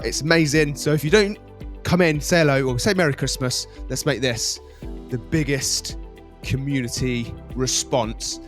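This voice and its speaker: A man hosting a reaction channel, chatting casually and playfully with sudden loud jumps. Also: medium pitch.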